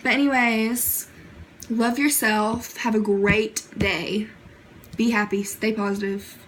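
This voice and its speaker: A woman's voice: on the high side, flat delivery, slow, a bit bright, a little hiss or hum, rough recording. A woman with a Southern US accent chatting in a casual storytime vlog, rambling with lots of fillers, giggly and self-deprecating. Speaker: vlogger.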